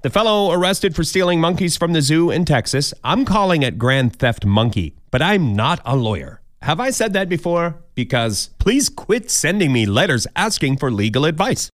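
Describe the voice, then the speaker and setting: A man's voice: a little high, very animated, moderate pace, hardly any pauses, dry recording, studio quality. A man hosting a podcast countdown of odd news stories, with jokey, wry asides. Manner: jokey, wry asides, mock quoted voices. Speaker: podcast host.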